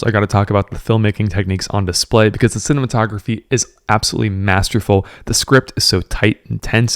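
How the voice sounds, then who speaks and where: A man talks casually to camera as a movie reviewer, stacking up superlatives with open enthusiasm. His voice sits somewhat low, and the sound is dry, with no room echo. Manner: gushing, piles on superlatives.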